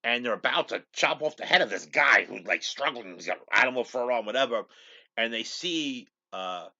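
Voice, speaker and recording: Hosting his own show, a man casually retells a TV episode in a rambling way, saying "he goes" constantly. His mid-range voice is animated and sharp at a normal pace, and the sound quality is lo-fi.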